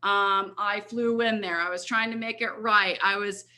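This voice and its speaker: A woman's voice: medium pitch, steady tone, moderate pace, pushed and bright. A middle-aged woman giving an earnest motivational testimony on a coaching call, speaking emphatically and checking in with her listeners often. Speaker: network marketing leader sharing her story. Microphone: video call.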